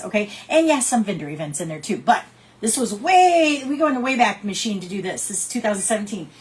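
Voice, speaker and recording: A direct sales team leader with a husky, mid-range voice, captured on a rough recording, coaches her team. Her talk is casual and chatty, encouraging them and acting out little scenes.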